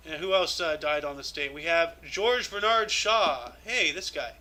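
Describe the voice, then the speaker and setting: A man with a high, piercing voice runs through a history calendar in casual, off-the-cuff commentary. He is irreverent and swears freely, musing aloud between entries. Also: lively intonation, unhurried, pushed and bright, low-quality recording. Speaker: host reading a daily history calendar.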